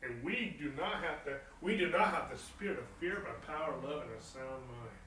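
A man preaching a sermon, swinging from emphatic peaks to low, soft lines and often asking "okay?" of his listeners. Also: lively intonation, moderate pace, echoey room, recorded from a distance, slight background noise, rough recording. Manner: repeats phrases, asks the congregation "okay?".

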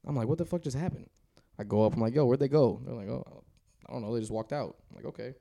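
A man telling a casual story on a podcast, animated and laughing as he goes. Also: medium pitch, fast, creaky. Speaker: guest on a podcast.

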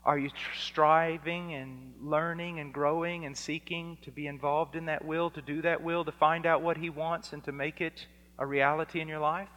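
A man preaching a sermon, impassioned and building to near-shouting on key points. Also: fairly high pitch, level tone, normal speed, hardly any pauses. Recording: long reverb of a large hall.

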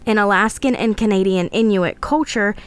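A woman's voice: mid-range voice, moderate pace, clean tone. A woman co-hosting a casual podcast, reading a legend from her notes with frequent laughs and stumbles. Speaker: podcast co-host.

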